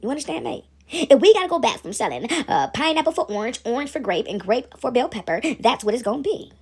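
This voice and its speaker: A woman's voice: fairly high pitch, very animated, fast, darkish tone, husky. A woman vlogger in a casual faith chat, rambling and preachy, talking straight to her viewers.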